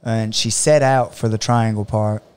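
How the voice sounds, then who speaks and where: A man's voice: lowish voice, a little slow, clean tone. A man, a jiu-jitsu coach, talking casually on a podcast and telling stories animatedly, acting out what other people say. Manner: animated storytelling, acts out other people's words.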